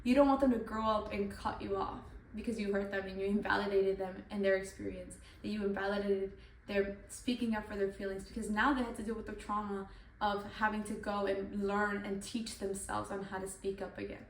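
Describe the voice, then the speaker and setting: A woman's voice: medium pitch, level tone, fairly quick, distant mic. A young woman giving an earnest devotional Bible talk, repeating herself with many "like" fillers. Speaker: channel host. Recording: echoey room, voice off-mic, faint noise.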